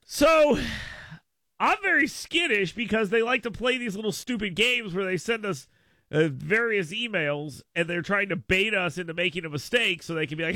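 High-voiced, animated radio talk host. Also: male voice, moderate pace, dry recording. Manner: animated, rambling storyteller with frequent asides. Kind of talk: casual radio monologue. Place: radio studio. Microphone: studio microphone.

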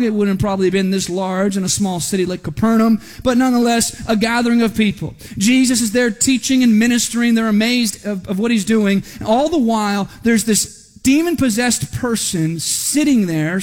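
A man preaching an expository sermon in a church service, speaking conversationally, often asking the congregation "right?", and rising animatedly when reading quoted speech. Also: sits high. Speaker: pastor. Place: church sanctuary during a service. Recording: long hall reverb.

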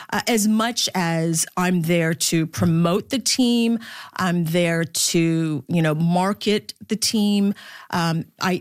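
A woman's voice: fairly low pitch, no echo, clean studio sound. A middle-aged woman, a baseball broadcaster from the Philippines, talking candidly as an interview guest and laughing often.

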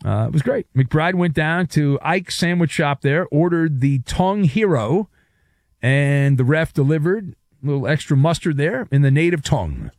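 A man's voice: a little high, normal speed, darkish tone, dry recording. A middle-aged man hosting a sports talk radio show, opinionated and sarcastic, with jokey asides.

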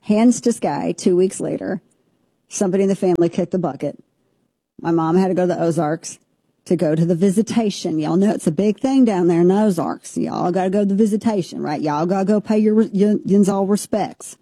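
A woman in her forties from Southern Missouri, co-hosting a casual talk show and telling a family story with lively, joking asides. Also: on the low side, fairly quick, breathy edge, dry recording, clean studio sound. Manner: animated, jokey, talks over herself. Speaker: show co-host.

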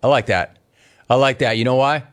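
A middle-aged man hosts a live radio talk show, reading listener gripes aloud and teasing callers in an animated, mock-outraged manner. His voice is medium-pitched at a moderate pace.

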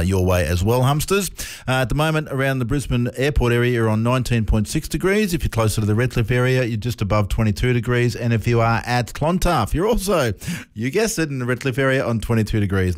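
An Australian man in his forties, co-hosting a casual radio show and telling stories with frequent laughs. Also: on the low side. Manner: storytelling, laughs often, animated retelling. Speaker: radio co-host. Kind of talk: casual breakfast radio chat.

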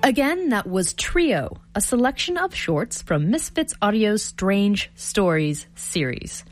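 A woman's voice: medium pitch, big pitch swings, slow pace, soft background music. A woman radio host giving a light, chatty station announcement.

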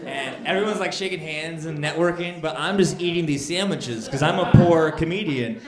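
A man doing stand-up comedy, telling a story and shouting his punchlines. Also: on the high side, moderate pace. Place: comedy club with live audience. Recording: echoey club, crowd laughing.

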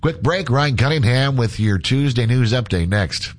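A man's voice: mid-range voice, lively intonation, moderate pace, a little hiss or hum. A man hosting a casual morning radio show, talking through a stuffy, congested nose in a chatty, self-mocking way. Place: radio studio.

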